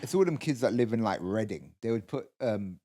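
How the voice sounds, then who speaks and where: A young man co-hosting a casual comedy chat, telling animated stories full of swearing and laughter. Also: on the low side, fairly quick. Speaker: co-host.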